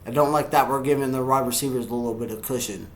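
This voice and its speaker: A man giving excitable live reaction commentary on a football game, yelling at the players and chuckling often. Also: medium pitch, quick pace, reverberant. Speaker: sports fan reacting to a game.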